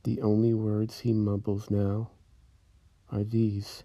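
A man narrating a spooky rhyming story in a slow, brooding, measured way. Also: fairly low pitch, completely flat delivery, mellow.

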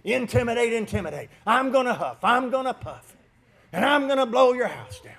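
Preacher acting out a loud-mouthed male devil: boastful, menacing, repetitive. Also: extremely high pitch, lively intonation, moderate pace, creaky, voice pushed up, heavily acted. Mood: taunting. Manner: taunting, repetitive roaring and boasting. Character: boastful, bullying male devil, all threats.

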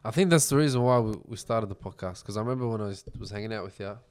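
A man's voice: on the low side, rapid-fire, a little mellow, clean tone. A man hosting a casual podcast chat, asking questions and making his point. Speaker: podcast host.

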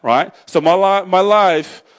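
A middle-aged man speaking to an audience about faith, in a loose, conversational way. His voice sits a little high for a man. He often restarts his sentences and drops in small jokes. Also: takes it slowly. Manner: conversational, self-interrupting, joking asides. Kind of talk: talk on faith and suffering.

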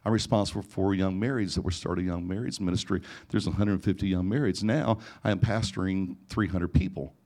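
A middle-aged man, a pastor, telling a personal story in an animated sermon before a live audience, sometimes rising to near-shouting. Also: low-pitched, brisk, few pauses. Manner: animated, rising to near-shouting in emotional parts, frequent restarts. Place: church or conference hall before a live audience.

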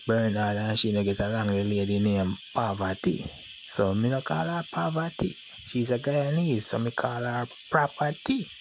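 A man's voice: on the low side, a little hiss or hum, rough recording. A man talking casually to the camera, rambling and boastful with a lot of slang. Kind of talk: casual monologue.

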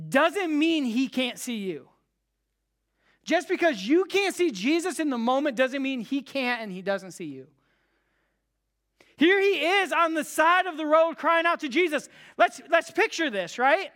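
Swinging from loud cries to hushed low tones, a pastor preaches an emphatic, repetitive sermon to a live congregation during a church service.

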